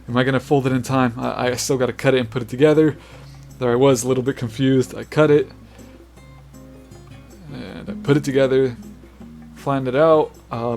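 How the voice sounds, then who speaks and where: Gravelly-voiced excitable young guy. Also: medium pitch. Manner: excitable, swears casually, restarts sentences. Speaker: comic artist vlogger. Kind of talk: casual vlog chat. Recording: faint guitar music behind.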